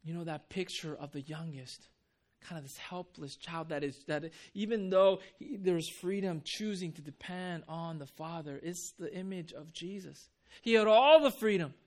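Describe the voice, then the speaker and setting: High-voiced man preaching a sermon. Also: moderate pace. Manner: conversational, animated when telling stories. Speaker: pastor.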